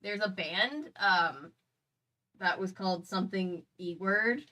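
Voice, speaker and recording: A woman's voice: medium pitch, takes it slowly, distant mic. Chatty American woman telling stories. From United States. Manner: rambling, apologetic, animated when telling stories. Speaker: podcast host. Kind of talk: casual chat.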